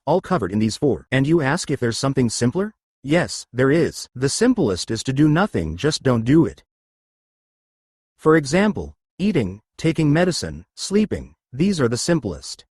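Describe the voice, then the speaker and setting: A man's voice: medium pitch, sing-song, moderate pace, darkish tone, husky, dry recording, studio quality. A man teaching an exercise lesson, explaining and often checking whether listeners follow. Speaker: exercise instructor.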